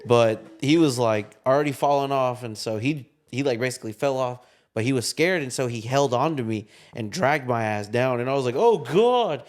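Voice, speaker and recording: A young man tells a long story in a casual way, acting out what people said and swearing freely. His voice sits at an average pitch. He is talking with friends in a parked car. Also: a little fast. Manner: animated storyteller, acts out quotes, swears freely. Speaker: podcast co-host.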